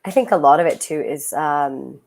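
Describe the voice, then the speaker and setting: Lower-voiced woman rambling in podcast chat. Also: moderate pace, gravelly, darkish tone. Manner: rambling, many fillers and restarts. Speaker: podcast co-host. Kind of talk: casual spiritual chat.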